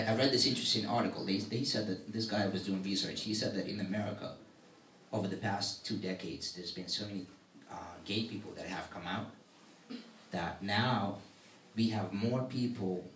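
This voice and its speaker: A man doing stand-up comedy in a workout room, soft-spoken and quizzing the audience. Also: on the low side, moderate pace, slight background noise. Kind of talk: stand-up comedy with crowd work. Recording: echoey room from a distant mic.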